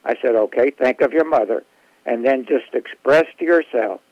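Guy on a radio talk show, stops and restarts a lot, dry close sound, pretty average pitch. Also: moderate pace, no room sound, dull audio. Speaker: radio show guest, therapist. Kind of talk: casual radio interview.

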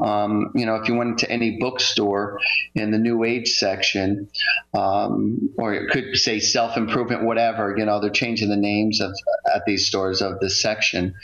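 A man's voice: medium pitch, a bit bright. Guy rambling thru a story, lots of ums and you knows, kinda muffled recording. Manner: rambling, many fillers and restarts. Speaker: psychic reader. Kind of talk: casual storytelling.

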